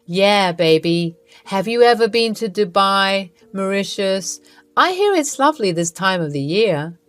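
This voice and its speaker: A woman voicing a smooth-talking, flirtatious rich man in a storybook narration. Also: mid-range voice, lively intonation, measured pace, dry recording, faint music behind, close to an everyday voice. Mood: flirty.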